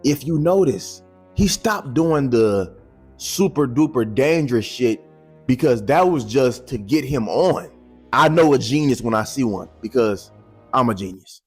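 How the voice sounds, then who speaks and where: A man talks straight to camera in loose, slang-filled vlog commentary, tossing in cocky jokes about himself. His voice has a husky grain and sits at an ordinary middle pitch. Soft music plays underneath. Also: lively intonation, a little slow. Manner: slangy, joking, boastful asides. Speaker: YouTuber commentator.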